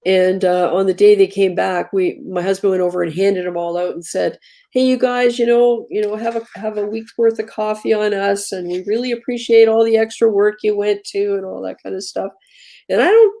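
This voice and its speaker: Woman, livestream host, warm mellow tone, chatty, trails off softly. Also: mid-range voice, creaky. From Canada. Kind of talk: casual chat.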